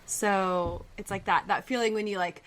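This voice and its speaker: A woman on a podcast who talks through ideas slowly and thoughtfully, filling pauses with ums. Her voice sits at a middle pitch. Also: steady tone. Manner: hesitant, many ums, explains ideas. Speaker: podcast co-host. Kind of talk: casual chat.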